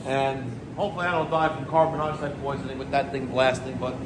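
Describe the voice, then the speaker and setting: A middle-aged man, a plumbing business owner ranting to the camera in an animated, profane, exasperated way. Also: mid-range voice, quick pace, noisy background. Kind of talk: rant vlog to camera.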